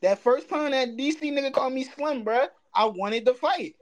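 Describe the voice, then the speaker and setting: A man co-hosting a podcast, telling stories in casual, lively chat. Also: very high-pitched, moderate pace. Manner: lively storytelling, jumps between voices. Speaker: podcast co-host.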